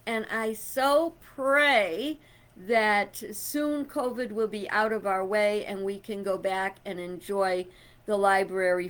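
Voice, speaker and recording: A middle-aged woman chatting casually to camera, loud and rambling, with fillers and little laughs. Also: medium pitch. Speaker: vlogger.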